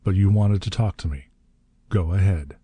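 A man's voice: low voice, normal speed, warm tone, slightly rough, no room sound. A man doing a grim, defiant hero. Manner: harsh, grim, bitter.

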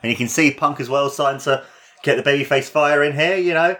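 A man giving casual, excitable play-by-play commentary on a wrestling match, his voice jumping up at big moves and swearing now and then. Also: fairly high pitch, brisk.

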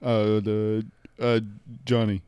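A man's voice: fairly low pitch, little pitch movement, slow pace, warm tone, clear, resonant tone, dry recording, highs cut off. A man playing a game with friends over voice chat, improvising a goofy security guard and cracking jokes. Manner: joking, teasing, breaks into laughter.

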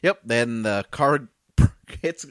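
A man co-hosting a movie podcast who laughs a lot and acts out the characters with crude jokes. His voice is mid-pitched and sits in a dry, close-miked sound with no room echo. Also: animated, extremely slow. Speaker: podcast co-host. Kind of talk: casual movie recap chat.

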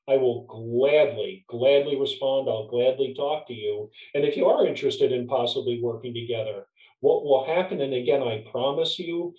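A man who works as a leadership trainer, chatting as a podcast guest and telling workplace stories in a warm, storytelling way. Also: medium pitch, recorded from a distance, lo-fi sound. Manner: storytelling, warm, restarts words. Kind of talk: casual podcast chat. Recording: roomy, off-mic sound.

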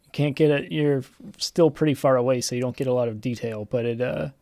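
A game master narrating a tabletop horror game, hesitant with many pauses. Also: medium pitch, dark tone, no echo.

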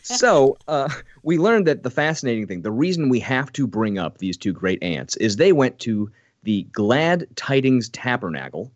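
A man's voice: mid-range voice, very animated, moderate pace, dry recording, dull audio. A man co-hosting a casual podcast book review, talking in a sarcastic, wry way. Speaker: podcast co-host.

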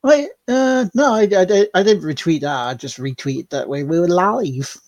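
A stream co-host chatting casually, talking slowly and laughing often. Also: medium pitch, lively intonation, darkish tone, dry recording, dull audio. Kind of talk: casual chat.

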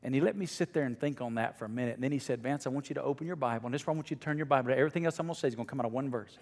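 A middle-aged male pastor preaching a sermon to his congregation, dropping to a hush and then rising almost to a shout. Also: medium pitch, rapid-fire, long reverb tail. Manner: swings from hushed to near shouting. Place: church sanctuary.

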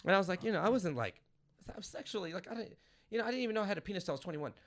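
A man in his thirties from Los Angeles, a comedian hosting a podcast, telling a rambling story with animated energy and laughing as he goes. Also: high voice, rapid-fire. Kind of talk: casual storytelling chat.

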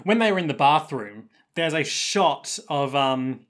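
A young man chatting casually on a podcast, his voice sitting a little high for a man. He recaps scenes with energy and slips into the characters' lines as he goes. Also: measured pace. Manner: animated, acts out characters' lines. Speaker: podcast co-host.

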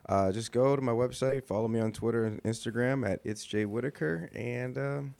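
A man's voice: mid-range voice, normal speed, gravelly, a little mellow. A man, a stand-up comedian guest, chatting casually and rambling through his stories with lots of restarts. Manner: rambling, self-interrupting storyteller. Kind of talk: casual chat.

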